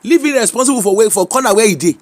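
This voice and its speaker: A man with a high-pitched voice and a Yoruba-inflected Nigerian accent speaks in casual, animated commentary. He is preachy and emphatic as he hands out advice, slipping between Pidgin and Yoruba. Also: racing. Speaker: social media commentator.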